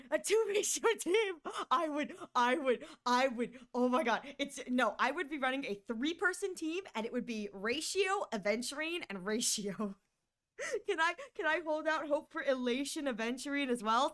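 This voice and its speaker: Bubbly woman streamer, Northern US accent, high and smooth, casual live-stream chat. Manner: bubbly and excitable, laughs often.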